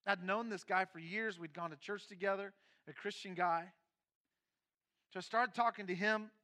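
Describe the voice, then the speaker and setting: A middle-aged man who is a pastor, telling his own story in a sermon, candid and shifting between quiet and emphatic moments. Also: sits high, fairly even intonation, normal speed. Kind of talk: sermon testimony.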